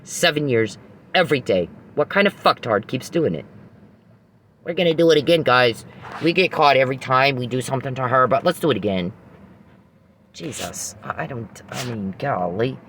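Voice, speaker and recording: A man's voice: mid-range voice, animated, normal speed, fairly bright tone, slight background noise. A man hosting a podcast, ranting angrily and profanely straight at an adversary. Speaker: podcast host. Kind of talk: angry monologue.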